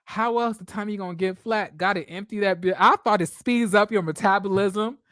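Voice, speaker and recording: A man's voice: sits high, moderate pace, no room sound. Dramatic storytelling man on a dry stream. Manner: dramatic, expressive storyteller who swears and laughs. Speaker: live stream host. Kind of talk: casual live-stream chat. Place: at home.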